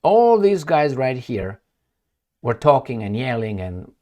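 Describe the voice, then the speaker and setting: Speaking slowly in a mellow, sing-song mid-range voice, a Romanian-born political commentator from Eastern Europe rants in non-native English. He jabs at a map throughout his sarcastic, heated opinion piece.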